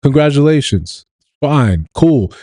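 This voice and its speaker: A man's voice: medium pitch, very animated, takes it slowly, mellow, no room sound. A man from New York hosting a casual live stream, talking loosely to his chat with laughs and restarts.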